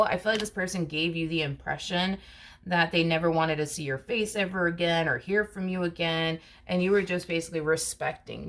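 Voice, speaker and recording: Low-voiced woman reading tarot casually. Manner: chatty, repetitive, many fillers like "you know" and "um". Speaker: tarot reader.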